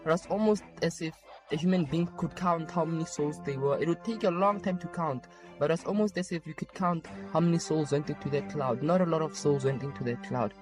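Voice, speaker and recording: A man's voice: a little high, fairly quick, over music. A man giving a personal testimony of a vision, emphatic and repeating his points. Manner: emphatic, repetitive retelling.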